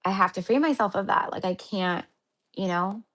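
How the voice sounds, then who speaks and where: A woman's voice: mid-range voice, normal speed, a bit bright. A woman hosting a spiritual healing livestream, chatting casually and affectionately with viewers, calling them honey and my love, rambling with many fillers and restarts.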